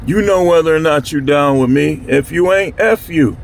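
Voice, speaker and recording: A man's voice: on the high side, moderate pace, creaky. A man from Milwaukee talking straight to his channel's viewers in a blunt, slangy, fired-up monologue. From Milwaukee, Wisconsin. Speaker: channel host. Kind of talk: candid to-camera monologue.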